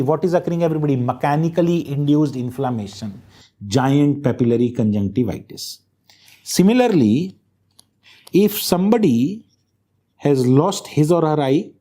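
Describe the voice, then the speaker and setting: A man's voice: a little high, dark tone. A man giving a medical lecture, stressing key terms and often checking in with his students. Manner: emphatic, keeps checking in with the class. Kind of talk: classroom lecture.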